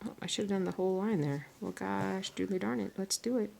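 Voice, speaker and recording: A woman chatting casually to viewers while she stitches. She sounds tired, talks to herself, and drops into soft muttered asides. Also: mid-range voice, fairly quick, vocal fry, slight background noise. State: tired and yawning. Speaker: crafting vlogger.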